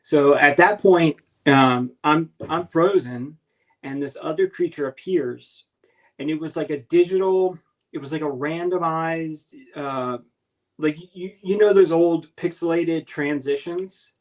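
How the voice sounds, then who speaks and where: A man earnestly recounting a strange encounter in casual talk, halting and restarting as he searches for words. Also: fairly high pitch, rough recording. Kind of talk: casual spoken storytelling.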